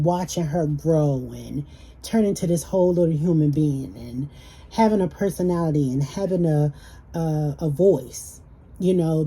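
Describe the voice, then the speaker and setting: A woman's voice: sits low, dark tone, slightly rough, rough recording. A young woman, chatting with viewers in a casual Q&A vlog and telling stories. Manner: chatty, storytelling, addresses viewers as y'all. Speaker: YouTuber.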